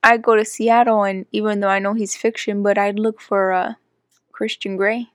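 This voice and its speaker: A woman's voice: mid-range voice, flat delivery, normal speed, dry recording. Woman, casual chat, lots of "like" fillers, dry close sound. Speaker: conversation partner.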